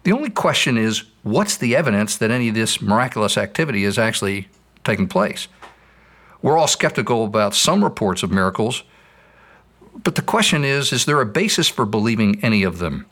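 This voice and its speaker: A man's voice: lowish voice, very animated, a little fast, a bit bright. Patient man explaining with a fable. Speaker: apologist answering questions. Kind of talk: scripted dialogue.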